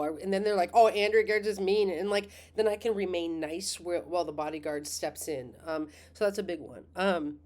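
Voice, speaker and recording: Middle-aged woman rambling about astrology stuff, lots of ums and restarts, kinda low voice. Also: darkish tone. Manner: rambling, many fillers and restarts, laughing. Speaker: astrologer and school host. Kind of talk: casual monologue.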